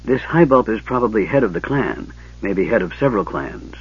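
Raistlin, a man doing a soft-spoken coaxing mage. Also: on the low side, animated, moderate pace, slightly rough. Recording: dull lo-fi tape, dry.

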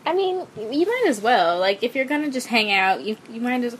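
A woman's voice: a little high, very animated, moderate pace. Woman podcast co-host, casual and giggly, talking over a faint background hiss. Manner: chatty, laughs often, apologetic asides. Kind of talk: casual chat recap of a TV show.

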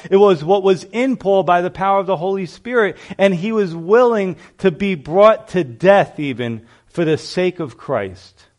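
A man preaching a sermon, earnest and emphatic as he reads scripture aloud. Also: a little high.

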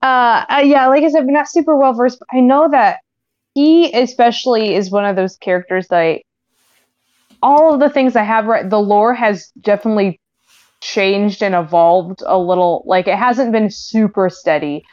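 A woman's voice: medium pitch, normal speed, darkish tone, dull audio. A woman chatting casually on a podcast panel, giggly and full of fillers. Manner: giggly, lots of fillers and laughs. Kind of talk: casual chat.

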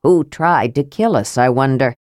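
A woman's voice: very deep voice, moderate pace, a little mellow, dry recording, clean studio sound. A woman reading an audiobook aloud and voicing an earnest male knight who speaks in a solemn, grave way.

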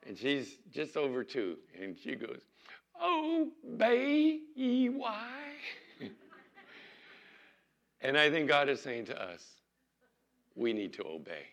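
An older man preaches an earnest sermon as a pastor. His voice sits at an ordinary middle pitch. He slows down and leans into the words whenever he reads scripture aloud. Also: expressive, bright, forceful tone, muffled recording.

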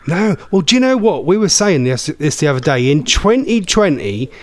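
A man's voice: fairly high pitch, very animated, normal speed, dry recording. Chatty man on dry studio mic. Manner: chatty, rambling, says um often. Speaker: radio show host. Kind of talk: casual phone-in chat.

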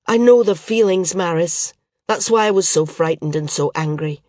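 A grieving older father, speaking slow and heavy with a low, weary sadness, as a woman narrator reads him. The sound is dry and close. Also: darkish tone, dry recording, natural voice. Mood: sad.

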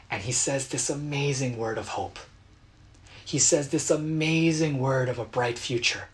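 A man preaching a sermon as a pastor, earnest and dramatic, acting out quotes with bursts of loud emotion. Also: medium pitch, unhurried. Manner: earnest, dramatic retellings with sudden loud outbursts.

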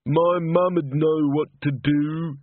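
A man voicing a simple-minded, tearful grown man who speaks slowly and plaintively. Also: on the high side, steady tone, no echo, voice pushed up. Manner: slow, plaintive, childlike speech. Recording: tinny phone-like sound.

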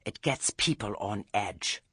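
Guy doing worried little village fella, weak and whiny, low husky. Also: a little slow, a bit bright, no room sound, clean studio sound, exaggerated voice. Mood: plaintive. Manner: weak, plaintive rustic speech. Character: timid, worried male villager.

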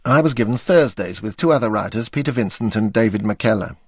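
A man's voice: lowish voice, expressive, brisk, dry recording. An older man reading his memoir aloud with dry, wry understatement. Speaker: memoir narrator.

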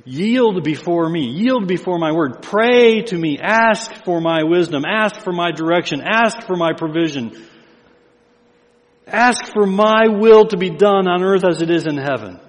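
An older male pastor preaches with a fairly high voice, pushing pitch and volume up on his key lines. His words ring with a long hall reverb from the church sanctuary around him. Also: animated, measured pace. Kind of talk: sermon.

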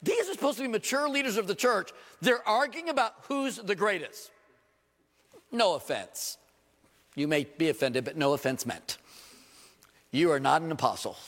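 A man with a twang preaches from the pulpit, his somewhat high voice ringing through a church sanctuary with a long echo. He keeps asking the congregation questions and pokes fun at himself as he goes. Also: moderate pace, long pauses. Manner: animated preaching with rhetorical questions and self-deprecating humor. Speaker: pastor. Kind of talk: sermon. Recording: long reverb of a church hall.

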